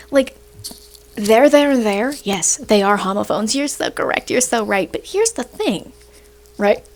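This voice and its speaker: A young woman hosting a video, ranting in a casual, sarcastic and rambling way, a little short of breath. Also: mid-range voice. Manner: animated, sarcastic, rambling with fillers. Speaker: video host. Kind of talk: casual rant to camera.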